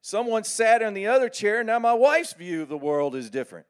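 A middle-aged man preaching a sermon with animated, folksy storytelling. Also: high-pitched, a little fast, clear, resonant tone.

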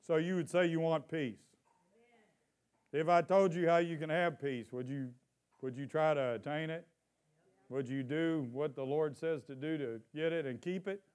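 A pastor preaches in church in a fairly high, slightly mellow, clean-toned male voice with fairly even intonation. He calls questions out to the congregation in call-and-response and stretches scripture lines for emphasis.

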